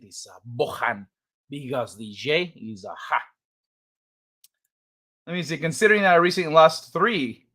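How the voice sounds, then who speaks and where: Man, livestream host, casual chat, slightly high voice, very lively pitch, laughs and swears a lot. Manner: chatty, loose, swears, laughs often, reacts to chat. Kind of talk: casual live-chat stream.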